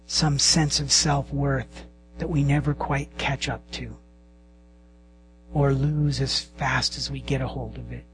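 Slow, hushed-preaching man. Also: on the high side, slight background noise. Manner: slow and intimate, dropping to hushed whispers. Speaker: pastor. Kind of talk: sermon.

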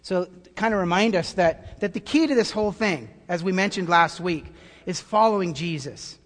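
A pastor with a high-pitched voice delivers an animated sermon. He drops to hushed tones and then rises to near-shouts. His voice rings with long reverb in a large hall. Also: normal speed.

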